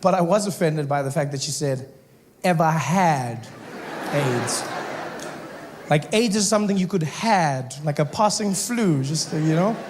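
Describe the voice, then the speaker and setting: A South African man doing stand-up on stage, his voice sitting fairly high for a man. He tells the story with animated disbelief and slips in and out of the characters. A faint hum of the room sits behind him. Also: brisk, few pauses. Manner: animated, incredulous, acts out the characters. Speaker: stand-up comedian.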